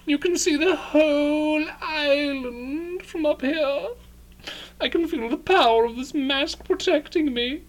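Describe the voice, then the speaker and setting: A woman's voice: sits high, takes it slowly, poor audio. A woman voicing an aloof lone hero who gives terse orders and narrates in a grand tone, in a fan-dub adventure.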